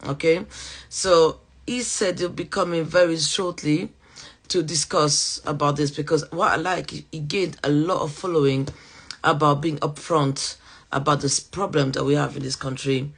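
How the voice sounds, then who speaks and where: This woman's voice is low-pitched, gravelly, and husky, with a French accent. A teacher, she hosts a live podcast interview in a chatty, warm-hearted way, apologizing frequently and filling her speech with fillers.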